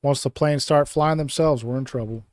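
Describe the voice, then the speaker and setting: A man's voice: mid-range voice, moderate pace, dry recording, studio quality. A man co-hosting a podcast, chatting loosely and joking as he hunts for a topic. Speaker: podcast co-host. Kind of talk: casual chat.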